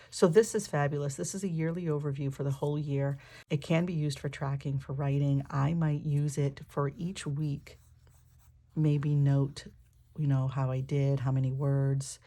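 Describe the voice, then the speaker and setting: A woman with a croaky morning voice, chatting casually and enthusiastically as she shows off a new planner. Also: low voice, warm tone. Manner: enthusiastic, thinking aloud with fillers. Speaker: planner vlogger. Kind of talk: casual show-and-tell narration.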